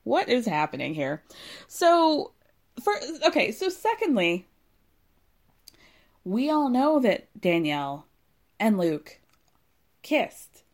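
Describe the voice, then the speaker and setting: Young woman host, lively sarcastic recap talk with lots of swearing and quoted lines. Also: a little high, slow, long pauses. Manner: animated, sarcastic, swears freely, acts out quotes. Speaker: podcast host recapping a reality show. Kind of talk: casual recap commentary.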